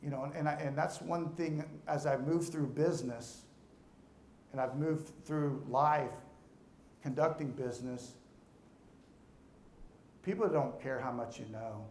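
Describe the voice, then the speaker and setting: A man's voice: on the high side, a little slow, pauses often, a little mellow, reverberant, slight background noise. A middle-aged man gives a motivational speech to an audience in a room, talking earnestly and often repeating words as he starts sentences. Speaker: alumnus speaker.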